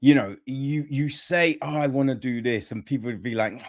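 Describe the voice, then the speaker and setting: A man's voice: mid-range voice, moderate pace. A man hosting a podcast interview, talking in a rambling casual way and often asking "right?" for agreement. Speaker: podcast host.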